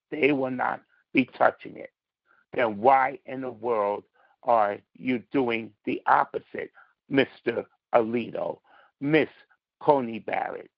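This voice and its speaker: A man's voice: mid-range voice, gravelly, no echo, muffled recording. A man calling in to a political podcast, talking in a combative, emphatic way and stressing his words. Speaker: caller. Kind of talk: call-in political commentary.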